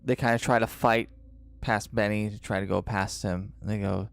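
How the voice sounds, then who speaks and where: A man's voice: on the low side, flat delivery, vocal fry. Man narrating a tabletop game. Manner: dramatic, drawn-out narration with pauses. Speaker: game master.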